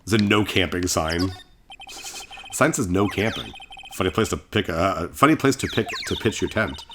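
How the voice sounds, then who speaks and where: A man's voice: deep voice, lively intonation, normal speed, noisy background. A man in his thirties playing a game on his channel, chatting casually, reading out dialogue, and rambling with lots of self-corrections. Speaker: gaming channel host.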